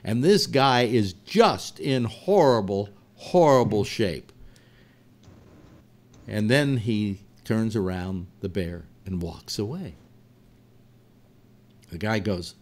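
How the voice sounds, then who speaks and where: A man with a lively, rising and falling delivery tells a long joke as host of a casual live show. He rambles and restarts, and he acts out every turn of the story with energy. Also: on the low side, takes it slowly, long pauses.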